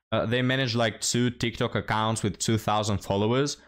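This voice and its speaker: A man's voice: medium pitch, steady tone, normal speed, few pauses, fairly bright tone. A man hosting a reaction commentary, blunt and mocking as he talks to his viewers. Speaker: commentary host.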